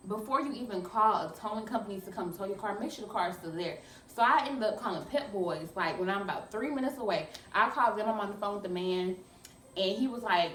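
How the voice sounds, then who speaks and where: Animated young woman vlogger, echoey room. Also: medium pitch, a little hiss or hum. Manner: animated, chatty, addresses viewers as y'all. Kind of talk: storytime vlog. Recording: echoey room, a bit far from mic.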